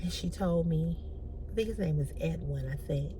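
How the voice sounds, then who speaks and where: A woman vlogger telling a personal story in an animated, emphatic way, repeating her key lines. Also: sits low, normal speed, noisy background.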